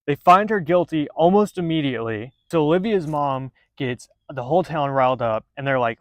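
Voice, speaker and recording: A man telling a legend as a casual storytime, sarcastic and profane, with a voice a bit higher than most men. The sound is dry and close, with no room echo. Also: lively intonation, moderate pace, hardly any pauses.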